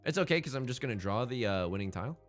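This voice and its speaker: Young male streamer, animated pitch, self-deprecating, casual game commentary, faint music. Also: rapid-fire. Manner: self-deprecating, rambling, thinks out loud.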